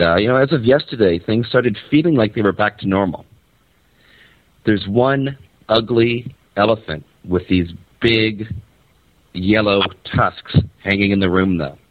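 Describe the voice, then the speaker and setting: A man on a radio show rambles through an animated story and swears casually. He is phoning in from a hotel conference center. The line sounds tinny and dry, and his voice sits fairly low. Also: dry recording. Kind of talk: casual phoned-in radio chat. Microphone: phone.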